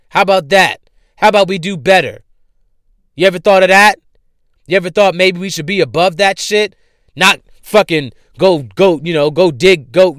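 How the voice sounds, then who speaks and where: Fired-up man ranting, smooth voice. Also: high voice, a bit bright, no echo, studio quality. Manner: profane, heated, repeats himself for emphasis. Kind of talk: ranting commentary.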